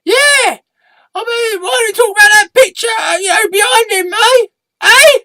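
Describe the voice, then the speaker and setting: A man voicing a loud, cheeky, rude male red sock puppet who yells in a squeaky, shrieking voice. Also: moderate pace. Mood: gleeful. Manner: yelling, cackling, rude.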